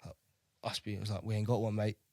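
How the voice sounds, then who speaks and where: A man's voice: on the low side, little pitch movement, quick pace, darkish tone, no echo, clean studio sound. A man in his thirties, a navy veteran from Kosovo, telling war stories as a podcast guest in a chatty way, swearing freely and repeating words as he goes. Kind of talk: casual interview storytelling.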